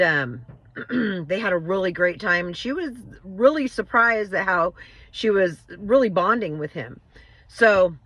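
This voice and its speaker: Bright animated woman telling a joke. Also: dry recording, poor audio. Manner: animated, jumps to high pitch for quoted voices. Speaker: storyteller. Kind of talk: casual joke storytelling.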